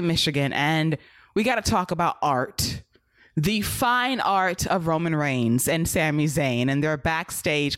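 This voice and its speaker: A woman hosting a casual podcast, recapping in a blunt, profane and sarcastic way. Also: fairly low pitch. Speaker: podcast host.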